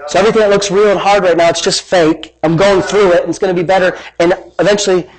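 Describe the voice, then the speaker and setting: Pastor guy with a high voice preaching, super animated, jokey and casual. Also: fast talker, rough recording. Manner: animated, conversational preaching with playful jabs. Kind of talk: sermon.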